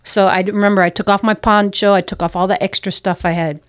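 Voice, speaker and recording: A woman's voice: mid-range voice, fairly even intonation, fast talker, clear, resonant tone, dry recording, studio quality. A missionary pastor, a woman, earnestly telling personal stories in an interview. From United States. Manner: earnest, reflective, acts out her own past self-talk.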